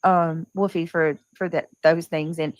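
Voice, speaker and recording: A woman hosting a casual livestream, talking in a rambling way and often clearing her throat. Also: low voice, flat delivery, a little slow, dry recording, rough recording. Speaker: livestream host.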